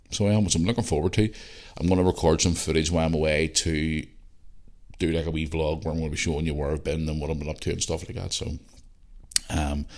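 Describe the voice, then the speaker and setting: A Northern Irish man talks through a casual solo podcast in a very low, deep voice. He rambles, circles back to repeat himself and swears freely. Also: darkish tone. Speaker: podcast host.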